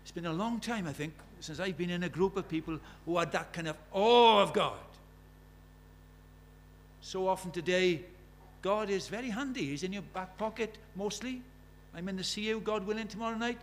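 A man's voice: sits high, normal speed, slight background noise. A man preaching a sermon in a conversational way, asking the congregation many questions and reciting scripture with rising force.

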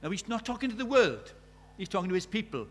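A man's voice: sits high, sing-song, fast. A man preaching a sermon in a conversational way, asking the congregation many questions and reciting scripture with rising force.

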